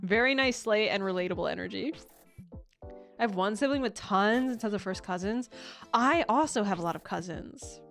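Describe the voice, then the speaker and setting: A woman's voice: medium pitch, expressive, moderate pace, fairly bright tone, faint music behind. A woman streaming casual chat, rambling with frequent restarts, swearing casually and laughing often.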